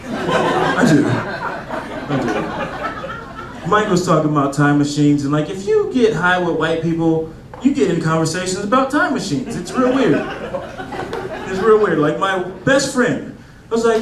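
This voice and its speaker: With a high, very animated voice, a man in his thirties delivers a stand-up comedy set at a measured pace, pausing often. He's loose and conversational, says "like" a lot and uses other fillers, and acts out voices in quotes. The background is noisy, with a roomy club sound and audience laughter.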